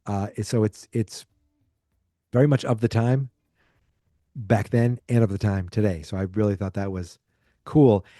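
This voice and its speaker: Low, mellow-voiced man chatting about a movie. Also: measured pace, pauses often, no room sound, studio quality. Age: adult, alive in 1986. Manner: rambling, animated, restarts and quotes lines in put-on voices. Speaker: podcast host. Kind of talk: casual movie review chat.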